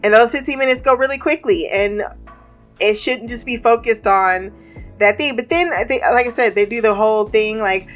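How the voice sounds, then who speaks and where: A woman's voice: a little high, normal speed, soft background music. A woman venting in a casual monologue about her remote team, profane and laughing as she tells it. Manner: profane, laughing, animated storytelling.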